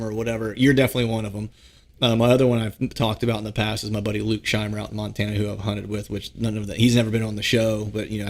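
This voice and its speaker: Male podcast host, 30s, casual chatty delivery, slightly low voice with a gravelly edge. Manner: easygoing, laughs often, restarts phrases. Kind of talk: casual podcast chat and read ads.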